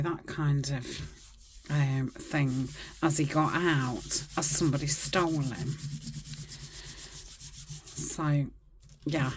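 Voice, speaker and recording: Low, slow-talking woman crafting. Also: slightly rough. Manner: rambling, chatty, murmurs asides to herself. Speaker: craft channel host. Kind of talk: casual crafting chat. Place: home crafting desk.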